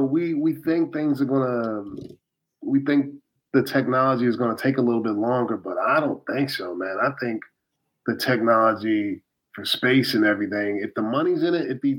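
A man's voice: mid-range voice, fairly bright tone, rough recording. A man co-hosting a podcast in casual chat, emphatic and jokey, with plenty of swearing. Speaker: podcast co-host.

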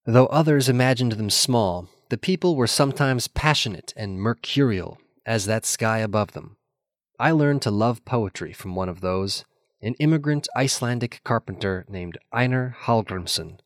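An older man from Minnesota reading a personal memoir essay aloud in a measured, reflective and wry way. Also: mid-range voice, animated, no echo, studio quality. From Minnesota, USA.

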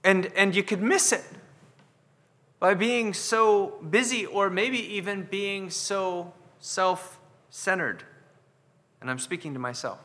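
A man's voice: sits high, slow pace, pushed and bright, big-room sound. A man preaching an earnest sermon as pastor, often repeating words as he builds a point. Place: church sanctuary.

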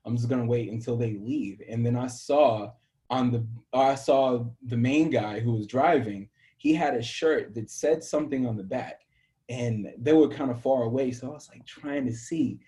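Young southern guy telling a story, acts out all the dialogue, laughs a lot, middle pitch. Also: normal speed, warm tone. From American South. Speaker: musician guest. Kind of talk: storytelling interview.

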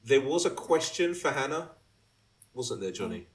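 A man's voice: medium pitch, big pitch swings, normal speed. A man hosting a casual podcast, chatty and laughing easily. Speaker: podcast host. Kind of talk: casual chat.

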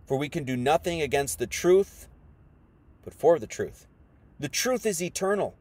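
High-voiced man preaching a sermon. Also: lively intonation, normal speed. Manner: reads scripture aloud, then explains it in casual slang; swings between hushed reading and loud emphatic preaching.

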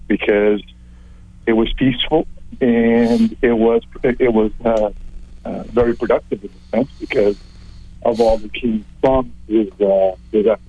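A middle-aged man who grew up abroad, a council president speaking as a phone-in guest, halting with many fillers. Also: on the low side, steady tone, mellow, no echo. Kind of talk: phone-in interview. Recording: dull phone line.

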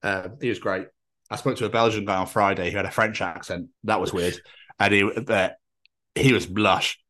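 A man's voice: lowish voice, brisk. Chatty, sweary male podcast co-host. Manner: chatty, sweary, animated storytelling. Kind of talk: casual chat.

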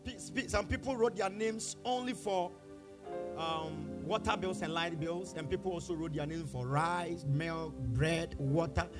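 Pastor preaching over music. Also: male voice, a little high, measured pace. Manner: preaching with rising shouted declarations and repeated phrases. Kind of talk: sermon. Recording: music playing behind the voice.

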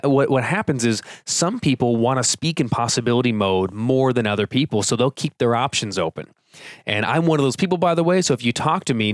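A man hosts his own podcast, speaking close into the microphone in a dry, dead room. His voice sits in an ordinary middle register, and he keeps it chatty with asides and fillers. When he quotes people, he leaps up in pitch to perform their lines. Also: no echo. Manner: animated, acts out quoted phrases with big pitch jumps; conversational, many fillers and asides. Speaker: podcast host. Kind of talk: solo podcast teaching. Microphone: close studio microphone.

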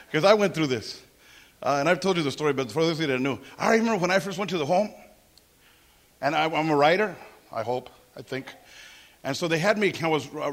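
Male pastor, high register, animated and emphatic, preaching to his congregation. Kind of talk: sermon.

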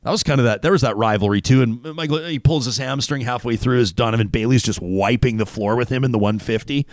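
A man's voice: mid-range voice, quick pace, no echo, clean studio sound. A man hosting a radio talk show, chatting casually and rambling, often laughing as he reads out listener comments. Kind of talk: casual call-in radio chat.

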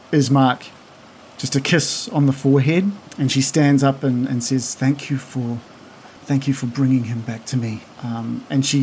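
A man narrating a tabletop game as game master, slow and halting with many pauses, over a video call. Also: mid-range voice, a little mellow, a little hiss or hum.

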